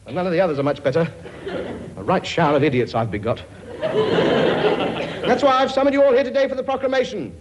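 A man's voice: high voice, animated, a little fast, pauses often, background noise. A man playing a brash, bossy working-class king in a radio comedy sketch. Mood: pompous, scolding. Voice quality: blunt, bossy, cheeky. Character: brash working-class king bossing his many children.

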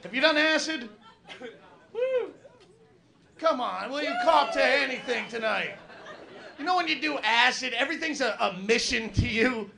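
High, gravelly stand-up comic man. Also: lively intonation, moderate pace, pauses often, some chatter behind. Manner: profane, rambling storytelling with shouted outbursts. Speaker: stand-up comedian. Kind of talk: stand-up routine.

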